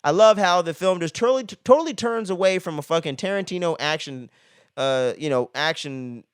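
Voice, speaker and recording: A man's voice: a little high, moderate pace, smooth, dry recording, clean studio sound. A man giving a casual spoiler movie review, slangy and profane, who keeps ending his sentences with "man.". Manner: slangy and profane, ends many phrases with "man".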